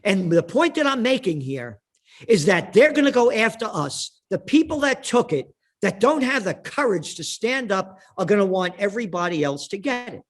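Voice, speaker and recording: A man's voice: high-pitched, sing-song, normal speed. A man telling heated, combative stories in a ranting monologue.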